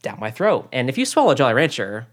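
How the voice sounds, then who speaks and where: A man's voice: medium pitch, sing-song, fast. A man from Florida telling personal stories in a casual chat, earnest and often restarting and repeating his words.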